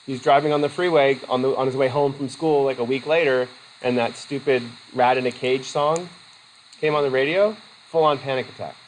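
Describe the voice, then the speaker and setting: A man's voice: mid-range voice, fairly quick, slight background noise, low-quality recording. A male instructor giving a casual, rambling classroom lecture, often interrupting himself mid-sentence. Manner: chatty, rambling, self-interrupting. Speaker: college instructor.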